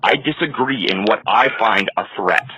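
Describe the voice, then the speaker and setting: A man arguing on a phone call, firm, measured and insistent. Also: fairly low pitch, lively intonation, sharp tone, a little hiss or hum. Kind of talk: heated phone argument.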